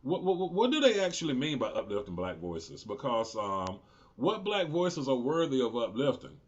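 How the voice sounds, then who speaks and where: A man in his forties rants through his own political commentary show, profane and indignant, his voice climbing as he gets worked up. His voice sits in a middle pitch. The recording sounds dull and lo-fi. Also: big pitch swings, normal speed, husky. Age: 40s. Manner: heated, profane, rising into shouts of indignation.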